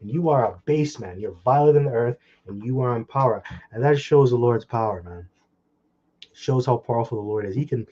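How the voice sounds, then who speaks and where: A man's voice: mid-range voice, dark tone, dull audio. A man preaching online, reading scripture aloud and commenting with heated, scornful remarks and crude insults. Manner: reads scripture slowly, then comments fast.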